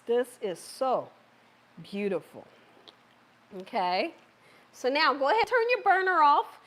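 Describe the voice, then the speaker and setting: Woman cooking host, live stream, high, bouncy voice, playful and chatty with her viewers. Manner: chatty, talks directly to viewers and live chat; playful, laughs and cheers herself on.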